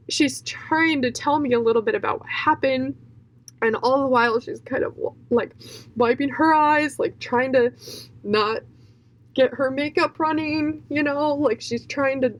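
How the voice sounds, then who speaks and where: A woman's voice: high-pitched, unhurried, low-quality recording. Earnest woman giving a personal testimony. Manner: earnest, heartfelt, many fillers and restarts. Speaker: guest sharing her testimony.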